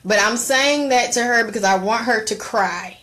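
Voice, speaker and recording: A woman hosts a casual live stream, full of profanity and bursts of laughter. She talks straight to her viewers in a bold, teasing way. Her voice sits a little high. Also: moderate pace, a bit bright, slight background noise. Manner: brash, profane, laughing, talks back to a chat.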